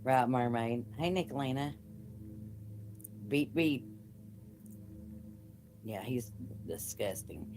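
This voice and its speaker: A host gives chatty commentary on clips and calls out to viewers by name. The voice sits at a middle pitch. Faint music plays underneath. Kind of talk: casual commentary over clips.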